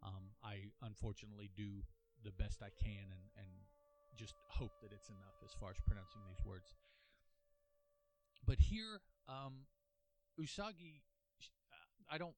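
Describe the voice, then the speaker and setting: A man's voice: medium pitch, wildly swooping pitch, a little slow, long pauses, slight background noise. A man hosting a casual solo comic review, thinking aloud with many restarts and an earnest, apologetic manner. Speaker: podcast host reviewing a comic.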